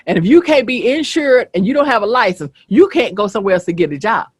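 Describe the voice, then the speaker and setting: A host from the American South, chatting casually, telling stories bluntly and swearing freely. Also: female voice, medium pitch, fast talker, husky, dry recording. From Southern United States. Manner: animated, blunt, swears freely, asks "you get what I'm saying". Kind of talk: casual storytelling chat. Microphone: streaming setup.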